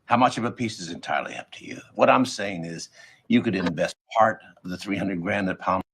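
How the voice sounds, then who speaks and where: An actor playing a middle-aged movie producer, making a quiet, persuasive pitch in a husky voice. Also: male voice, animated, fairly quick, full character voice. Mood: coaxing. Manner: persuasive, low-key pitch. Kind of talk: film dialogue.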